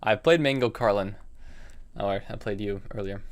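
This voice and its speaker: A man's voice: lowish voice, moderate pace, clean tone. Man, chess streamer, casual live commentary, muttering moves aloud, chatty with viewers. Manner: thinks aloud, chatty asides to chat.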